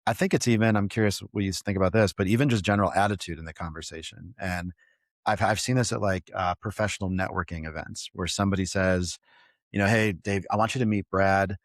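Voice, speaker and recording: A man's voice: low voice, quick pace, no room sound, studio quality. A man hosting a podcast interview, asking long, thoughtful questions with frequent restarts. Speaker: podcast host.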